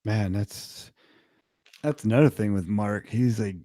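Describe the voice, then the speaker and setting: Male podcast host, low and mellow, dry close sound, casual teaser read. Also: unhurried, no room sound. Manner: self-critical, redoes his intro read. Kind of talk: reading a show teaser, then casual chat.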